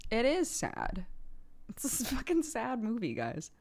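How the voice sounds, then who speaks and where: Animated young woman chatting casually. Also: gravelly. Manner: chatty, animated, laughs often, pitch jumps when excited. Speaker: streamer. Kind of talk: casual chat with viewers.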